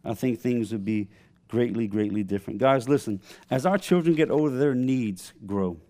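A man's voice: medium pitch, normal speed, warm tone. A man in his thirties preaching a sermon, telling a family story and calling out to the congregation. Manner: storytelling with call-outs to the congregation. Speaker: pastor.

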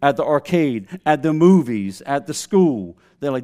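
A man's voice: a little high, animated, a little slow, hardly any pauses, warm tone. A man in his thirties preaching a sermon, telling a family story and calling out to the congregation. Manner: storytelling with call-outs to the congregation. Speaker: pastor.

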